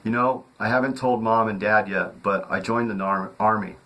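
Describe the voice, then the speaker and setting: A slurring, tipsy young man from a storybook, read by a man. He speaks fondly and earnestly to his brother. The voice sits fairly low, close to the reader's own. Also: fairly even intonation, normal speed, a bit bright, close to an everyday voice, rough recording.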